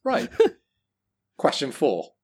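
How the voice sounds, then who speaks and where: A man hosting a casual podcast quiz, teasing the players and reading questions slowly. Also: medium pitch, huge pitch swings, creaky, a little hiss or hum. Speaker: quiz master.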